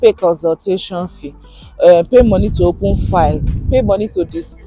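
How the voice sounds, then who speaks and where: Nigerian woman, 30s, animated vlogger with a warm, mellow voice and a pidgin-laced delivery. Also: medium pitch, normal speed, faint music behind. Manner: animated, mixes in pidgin, laughs often. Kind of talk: casual chat.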